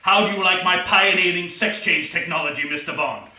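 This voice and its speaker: A man's voice: high voice, steady tone, a little fast, bright, forceful tone. A man voicing a gloating, pompous male villain with a rich, cruel drawl. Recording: echoey room, far-off mic.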